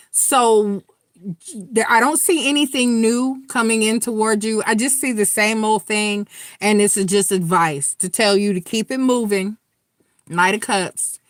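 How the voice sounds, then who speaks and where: Speaking to her audience with frank sincerity and plenty of swearing, a middle-aged tarot reader gives a live reading. Her voice is mid-range, recorded at studio quality without any room sound.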